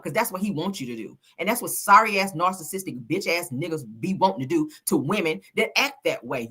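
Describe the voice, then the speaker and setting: A woman's voice: mid-range voice, a bit bright, breathy edge. A woman hosting casual reality TV gossip commentary, sassy, blunt and full of slang. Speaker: host.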